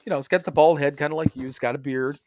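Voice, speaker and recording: A man's voice: a little high, very fast, dry recording, clean studio sound. Laughing, swearing male podcast host. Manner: animated storyteller, laughs often, swears freely. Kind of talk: casual chat.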